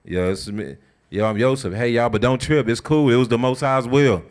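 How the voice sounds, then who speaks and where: A man's voice: medium pitch, normal speed, lightly acted. A man voicing a biblical ruler who reveals himself to his brothers, speaking in easygoing slang and reassuring them.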